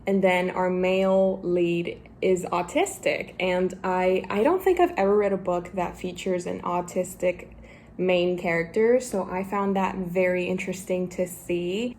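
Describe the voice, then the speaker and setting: Gushing young woman book vlogger, slow. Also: fairly low pitch, slight background noise. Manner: gushing, excitable, laughs often. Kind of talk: casual vlog chat to camera.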